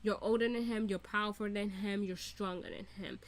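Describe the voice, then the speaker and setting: A woman's voice: medium pitch, fairly even intonation, a little fast. A woman giving casual reaction commentary, emphatic and repetitive, laughing often and swearing freely. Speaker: reaction channel host.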